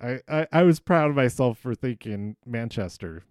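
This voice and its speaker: A man's voice: mid-range voice, animated, moderate pace, a little mellow, dry recording, studio quality. A man hosting a podcast, recapping an episode in casual solo talk, rambling and hesitant with many ums and restarts. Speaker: podcast host.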